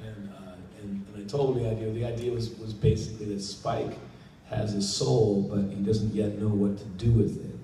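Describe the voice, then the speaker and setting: A man's voice: lowish voice, moderate pace, hardly any pauses. An American man answering fan questions at a convention panel, telling stories casually and acting out quotes with jokes. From United States. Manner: relaxed, joking, acts out quotes. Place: large convention hall. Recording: echoey hall, distant mic, noisy.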